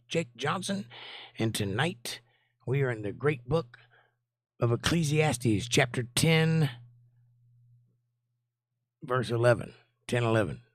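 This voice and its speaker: A man's voice: medium pitch, creaky, a bit bright, no echo, studio quality. A man in his forties with a Southern US accent, hosting a livestream and chatting in a folksy way with viewers. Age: 40s. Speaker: host. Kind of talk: casual livestream chat.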